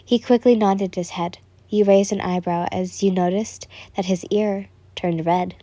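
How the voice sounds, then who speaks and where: A woman reading a fan story aloud as narrator, in a calm, even way. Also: mid-range voice, measured pace, no echo.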